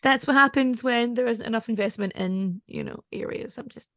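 A woman's voice: on the high side, moderate pace, a bit bright, no room sound, clean studio sound. A Scottish woman hosting a podcast in casual chat. She is chatty and digressive and laughs often. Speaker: podcast host.

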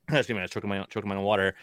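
A man co-hosting a podcast talks loosely and rambles, circling back with fillers and restarts. His voice is smooth and resonant. The recording is dry and close, with no room sound. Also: fairly low pitch, fairly even intonation, very fast, fairly bright tone, no room sound. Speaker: podcast co-host. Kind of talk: casual podcast chat.

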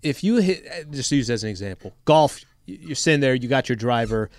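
A man's voice: medium pitch, animated, fairly quick, dry recording. A man hosting a sports radio show, taking phone calls and wrapping up segments. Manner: steers the show, takes callers. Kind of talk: casual sports radio chat.

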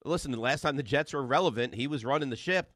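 A man hosting a sports talk radio call-in show, talking fast and arguing loudly with callers. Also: medium pitch, no room sound, clean studio sound. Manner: animated, loud and combative with callers.

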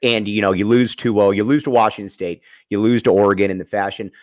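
A man's voice: fairly low pitch, steady tone, quick pace, a little mellow, no room sound, studio quality. A man hosting a sports podcast, talking enthusiastically and rambling a little as he sets up his questions. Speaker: podcast host.

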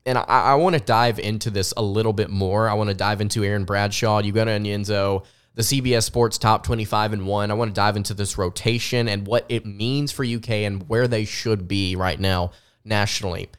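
A man's voice: on the low side, fairly even intonation, a little fast, clean tone. A young man with a slight Southern US accent, hosting a sports podcast with enthusiastic commentary and frequent restarts. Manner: enthusiastic, repeats words when restarting. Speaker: podcast host.

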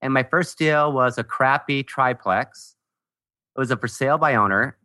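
A man in his forties, a podcast guest, telling a story about his early mistakes with animated, self-mocking humor. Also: medium pitch, normal speed, dry recording, studio quality. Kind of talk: casual storytelling.

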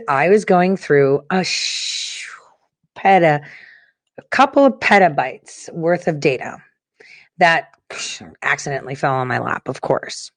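A woman's voice: fairly low pitch, no room sound. Hesitant, chatty woman host, dry sound. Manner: conversational, hesitant with fillers. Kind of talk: casual commentary.

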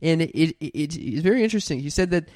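A podcast co-host telling a story in casual chat, animated and full of restarts and "like". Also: medium pitch, quick pace, no room sound, studio quality.

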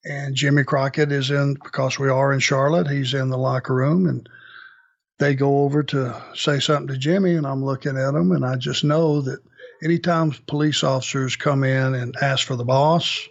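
Gravelly man telling a story. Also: mid-range voice, moderate pace, highs cut off. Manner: animated anecdote-telling with lots of restarts. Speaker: interview guest. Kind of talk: casual storytelling.

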